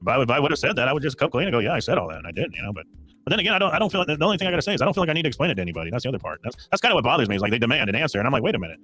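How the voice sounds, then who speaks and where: A man's voice: medium pitch, big pitch swings, rapid-fire, pushed and bright. A man hosting a live call-in stream, defending himself and talking over callers, often repeating his point. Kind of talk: heated live call-in chat.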